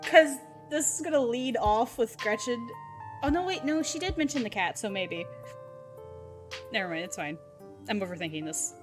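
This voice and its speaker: A woman's voice: fairly high pitch, lively intonation, normal speed, over music. A young woman streaming a game, chatting, laughing and reading the narration aloud. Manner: giggly, chatty, reacting aloud. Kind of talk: live game playthrough with read-aloud narration.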